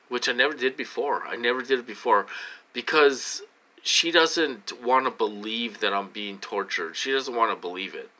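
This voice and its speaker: A man's voice: mid-range voice, bright, forceful tone. A man talking to his viewers in a rambling, repetitive way, full of fillers and upset. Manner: upset, growing agitated. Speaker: vlogger. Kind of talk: personal talk to camera.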